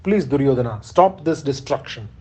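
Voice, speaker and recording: A man's voice: medium pitch, expressive, normal speed, darkish tone, a little hiss or hum, lightly acted. A man reading the part of an old, grieving warrior-teacher who earnestly begs his king to make peace, in an audiobook of an epic. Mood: pleading. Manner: earnest, imploring.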